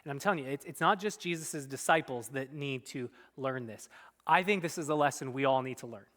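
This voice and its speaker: Brief: male pastor preaching, bright forceful tone, swings from emphatic to hushed. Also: medium pitch, fairly quick. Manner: animated and emphatic, dropping to soft, quiet tones. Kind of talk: sermon. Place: church sanctuary. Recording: long reverb in a church hall.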